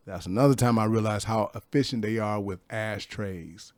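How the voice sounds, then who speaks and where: A man's voice: lowish voice, normal speed, hardly any pauses, no room sound. Slangy man in his fifties telling stories. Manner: slangy, profane, animated storyteller. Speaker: podcast guest. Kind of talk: casual storytelling. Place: podcast studio.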